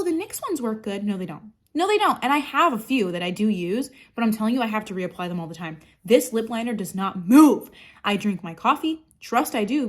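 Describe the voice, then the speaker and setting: A woman chatting casually through her makeup routine, rambling and sarcastic, swearing freely. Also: medium pitch. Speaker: makeup vlogger. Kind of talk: casual get-ready-with-me chat.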